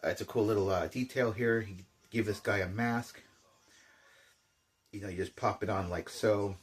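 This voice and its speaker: Older man, slightly low voice, rambling casual unboxing chatter with jokes. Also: moderate pace. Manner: rambling, chatty, jokey asides. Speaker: toy collector.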